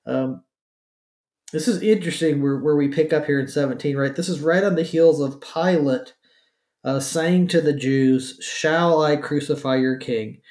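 A man's voice: on the high side, a little slow, a little mellow, echoey room. A man preaching a conversational sermon, full of fillers and checking in with "right?". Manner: casual, asks "right?" often, many fillers. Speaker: pastor.

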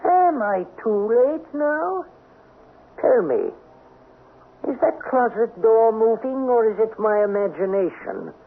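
An actor playing a suspicious, imperious count in a 1970s radio drama, blustering and sarcastic. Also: male voice, sits high, very animated, slow pace, creaky, full character voice. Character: suspicious, imperious nobleman husband. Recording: tinny old radio broadcast.

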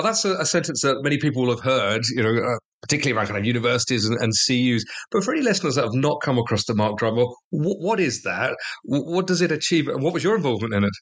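A man's voice: mid-range voice, expressive, fast talker, few pauses. A man co-hosting a podcast, asking curious questions. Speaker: podcast co-host. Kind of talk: casual podcast conversation.

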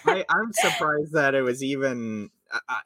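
A man's voice: medium pitch, lively intonation, moderate pace, over a noisy crowd. A man in his late twenties from Minnesota with a Minnesota accent, hosting a podcast interview over a video call and rambling with many fillers. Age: 20s. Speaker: podcast host.

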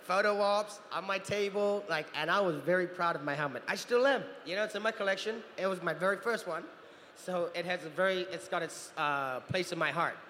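A man in his thirties from New Zealand, telling animated stories as a guest on a convention panel and acting out other people's voices. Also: high voice, brisk. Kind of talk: anecdotal storytelling. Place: large convention hall. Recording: convention hall with reverb and faint noise.

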